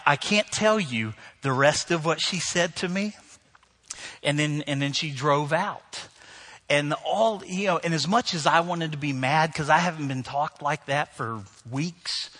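A middle-aged pastor preaches with a bright, forceful voice pitched a little above most men's. He tells stories about himself with a self-deprecating streak and laughs often between lines. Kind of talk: sermon.

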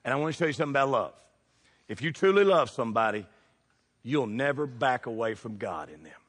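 A middle-aged man preaching a sermon, animated and throwing questions at the congregation. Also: mid-range voice, fairly quick, big-room sound. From United States.

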